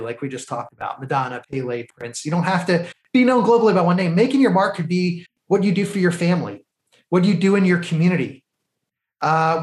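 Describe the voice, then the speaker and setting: A man's voice: fairly high pitch, reverberant. A man, a podcast co-host, eagerly retelling a film plot and drawing life lessons from it in casual conversation.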